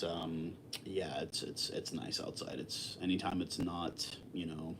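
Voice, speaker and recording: A man with a low voice chats casually on a livestream, rambling along with plenty of fillers and restarts. A faint hum of room noise sits behind him. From lives in Texas. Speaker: livestream host. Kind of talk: casual live chat with viewers.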